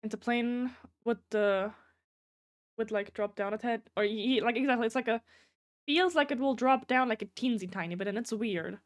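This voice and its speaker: High-voiced woman chatting on stream. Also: moderate pace. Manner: rambling, swears freely, restarts sentences; greets chat viewers by name. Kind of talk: casual live-stream chat.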